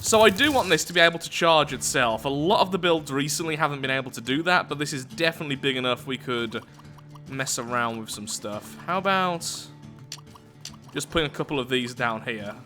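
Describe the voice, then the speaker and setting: A man's voice: on the high side, fairly quick, sharp tone, soft background music. A man commenting casually on his own gameplay as he builds, thinking aloud in a chatty, self-mocking way. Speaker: let's play gameplay host.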